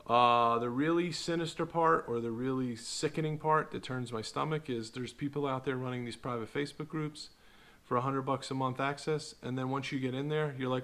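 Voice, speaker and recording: A man's voice: medium pitch, moderate pace. Sarcastic man ranting to camera. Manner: animated, sarcastic, mocks marketers in put-on voices; repeats "right?" to the viewer. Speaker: online video host. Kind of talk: casual talking-head commentary.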